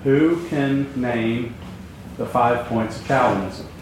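A man's voice: medium pitch, slow, a little hiss or hum. Male Bible teacher, chatty and informal, quizzing his class, heard from a distance in a very echoey room. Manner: conversational, many fillers, jokes with class.

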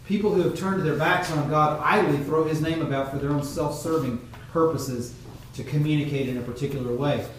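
A man preaching a sermon in a measured teaching tone, pausing often with fillers. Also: a little high, slight background noise. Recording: very echoey room, mic far off.

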